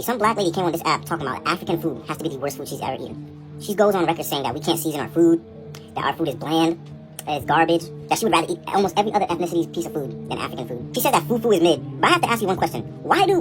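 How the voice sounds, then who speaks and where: Rapid, profane woman ranting. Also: deep voice, sing-song, music in the background. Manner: blunt, profane, exasperated. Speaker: reaction video maker. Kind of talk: profane rant to camera.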